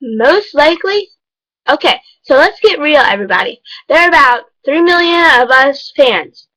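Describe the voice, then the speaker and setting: A woman's voice: high-pitched, lively intonation, normal speed, pushed and bright, dry recording, rough recording. A woman vlogger talking to camera in an emphatic, lecturing, chatty way. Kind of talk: casual vlog monologue.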